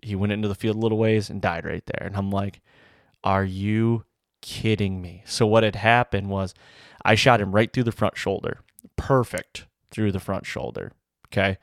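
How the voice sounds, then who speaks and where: Low-voiced man telling a hunting story. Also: moderate pace, no echo, studio quality. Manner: rambling, excited, full of "like" and "you know". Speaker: bowhunter. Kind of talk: casual storytelling to camera.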